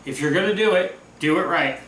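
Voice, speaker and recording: In a home kitchen, a man chats upbeat and talkative through a cooking demo, sometimes speaking with his mouth full as food sizzles on a grill. His voice is a little high, fairly quick and a bit bright, heard off-mic and far away in a roomy echo with slight background noise.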